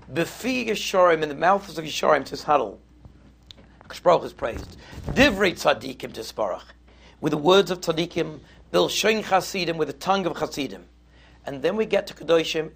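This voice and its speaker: A man delivers a storytelling sermon with a raised, somewhat high voice. His tone is gravelly and husky, and he tells his tales with animated energy. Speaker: rabbi giving a Torah talk.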